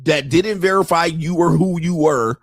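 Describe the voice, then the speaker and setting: A man's voice: fairly high pitch, moderate pace, no room sound, clean studio sound. A man hosting a commentary show, reacting bluntly and mockingly with profanity and laughter. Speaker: podcast host.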